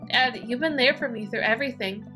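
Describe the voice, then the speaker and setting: A woman's voice: a little high, fairly quick, bright, forceful tone, faint music behind. A woman voicing a teenage girl who thanks her father before leaving for college, read plainly and heartfelt. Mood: tender.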